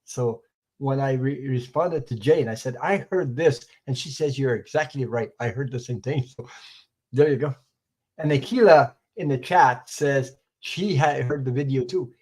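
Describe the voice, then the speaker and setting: A man's voice: medium pitch, normal speed, darkish tone. A man co-hosting a psychic livestream, talking casually over a video call and rambling with repeated words.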